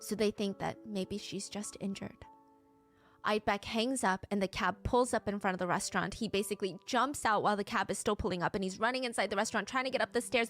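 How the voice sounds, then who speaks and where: A woman narrates a true crime case with vivid storytelling, slipping into the voices of the people she describes. Her pitch sits in the middle range. Soft background music plays faintly beneath her. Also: normal speed. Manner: vivid storytelling, acting out quotes.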